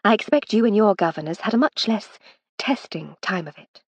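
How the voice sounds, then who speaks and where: A woman voicing a breezy, wry aristocratic Edwardian lady in an audiobook, quick to laugh. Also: mid-range voice, expressive, no echo.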